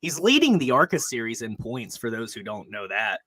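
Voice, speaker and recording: A man chatting casually as a podcast co-host, relaxed and full of "um"s. His voice is bright and sits close and dry on the mic. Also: mid-range voice, moderate pace, dry recording. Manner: laid-back, many fillers. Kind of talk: casual chat.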